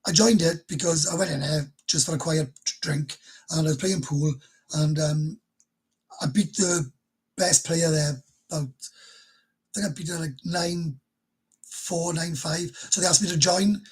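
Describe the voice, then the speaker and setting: Chatty husky Welsh man in his fifties. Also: fairly high pitch, fairly even intonation, measured pace, pauses often. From Wales. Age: 50s. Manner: chatty and emotional, laughs between sentences. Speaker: livestream host. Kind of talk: casual livestream chat. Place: bedroom.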